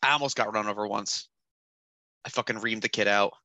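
A young man chats loosely on a podcast, his voice very bright and forceful. He laughs through his stories and fills them with "like." The sound is close and dry, with no room around it. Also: on the low side, fairly even intonation, fairly quick, no echo. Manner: loose, laughing storyteller with lots of fillers. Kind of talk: casual podcast chat.

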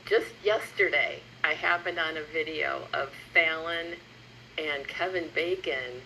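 A woman co-hosting a podcast, chatting casually and eagerly, with halting restarts. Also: deep voice, vocal fry, bright, forceful tone, a little hiss or hum, low-quality recording. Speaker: podcast co-host. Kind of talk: casual chat.

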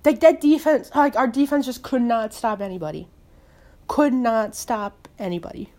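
A woman's voice: on the high side, normal speed, a little mellow. A woman giving an angry, swearing post-game rant as a sports fan, repeating words in exasperation. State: upset.

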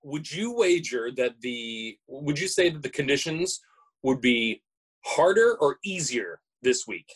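A man's voice: mid-range voice, animated, unhurried, husky, low-quality recording. A man co-hosting a podcast in casual chat, playful and teasing, often stammering over restarts. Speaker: podcast co-host.

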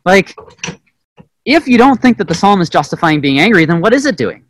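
A man teaching a Bible lesson through a personal story, animated and self-mocking with plenty of fillers. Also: high voice, brisk, slight background noise, low-quality recording. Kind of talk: storytelling sermon.

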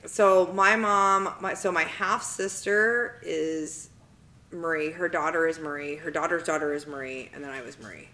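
Chatty woman co-host, low-ish voice. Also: normal speed, bright, forceful tone. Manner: chatty, lots of "like" fillers. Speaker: podcast co-host. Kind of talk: casual chat.

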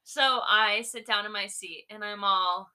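A young woman co-hosting a casual chat, telling a travel story in an animated way and acting out the people in it. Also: medium pitch, unhurried, clean tone. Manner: animated, acts out quoted people. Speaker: podcast co-host, daughter.

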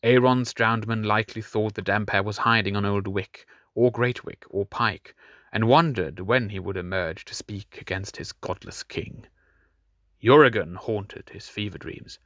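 A man reading a fantasy audiobook in scripted narration, measured and grave, dropping softer on grim details. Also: fairly low pitch, steady tone, no echo, highs cut off.

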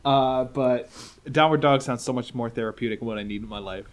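A man's voice: medium pitch, fairly quick, clear, resonant tone. A man co-hosting a comedy podcast, wry and laughing as he casts his votes. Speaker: podcast co-host. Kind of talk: casual comedic chat.

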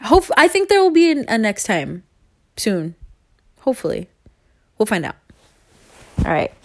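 A woman's voice: a little high, very animated, a little slow, no room sound. A young woman talking straight to her viewers in a rambling, earnest way, laughing often and swearing casually. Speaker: vlogger.

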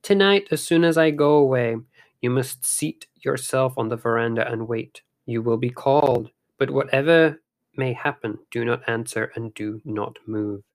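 A man's voice: mid-range voice, normal speed, close to an everyday voice. A man doing a solemn old priest. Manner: earnest, instructive. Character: solemn older Buddhist priest, grave and caring.

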